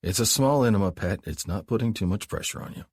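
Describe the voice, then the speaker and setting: A man voicing a controlling former soldier in an audiobook, speaking low and slow, often dropping to a hush. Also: expressive, breathy edge, no room sound, studio quality. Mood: commanding.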